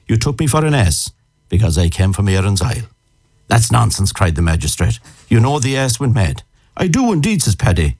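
An Irish man co-presenting a radio show, chatting and reciting a comic ballad in a lively storytelling way. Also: mid-range voice, breathy edge.

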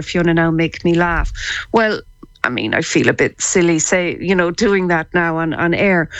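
A woman's voice: medium pitch, no echo, rough recording. An Irish woman, a psychotherapist and laughter therapist, explaining her work as a guest on a radio show, laughing easily. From Ireland. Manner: warm, laughing, explains eagerly. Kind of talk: radio interview.

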